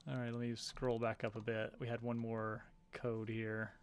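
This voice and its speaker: A man's voice: medium pitch, completely flat delivery, normal speed, clean tone. A man streaming a video game, chatting casually and chuckling between asides. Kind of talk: casual chat while playing a game.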